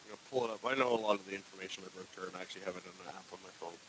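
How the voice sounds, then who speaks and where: A man from Canada chatting on a podcast in a bright, forceful voice that wanders from one thought to the next. He swears casually and jokes at his own expense. A faint hiss sits under the recording. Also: sits low, racing, rough recording. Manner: loose, profane, jokey, rambling. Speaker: podcast co-host. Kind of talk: casual chat.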